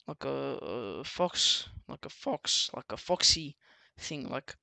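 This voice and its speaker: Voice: medium pitch, slow, vocal fry, bright, forceful tone, no echo. A book reviewer casually recapping a story, rambling with many fillers and restarts.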